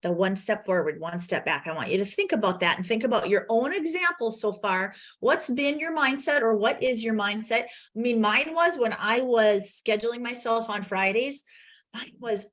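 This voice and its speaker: Lively woman coach giving a talk. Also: fairly high pitch, normal speed. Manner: energetic storytelling, acts out client's quotes. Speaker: conference speaker and coach. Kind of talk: virtual conference presentation.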